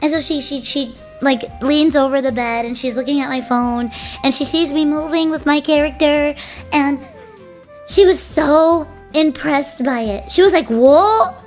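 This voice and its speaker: A young woman with a high, bright voice chats to her stream audience in a casual, animated way. She giggles often and trips over her words, restarting sentences as she tells the story. Soft music plays underneath. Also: moderate pace. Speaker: VTuber streamer.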